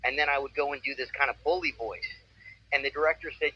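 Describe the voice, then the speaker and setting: A man's voice: mid-range voice, fast talker. A man in his forties, a voice actor telling stories in a casual interview with an upbeat, enthusiastic manner. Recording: muffled with faint noise.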